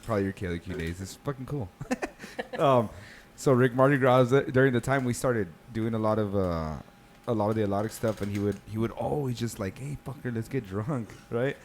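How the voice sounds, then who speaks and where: A man's voice: lowish voice, fairly quick, slight background noise. A man, co-hosting a podcast and telling a rowdy story in casual, profane chat. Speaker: podcast co-host.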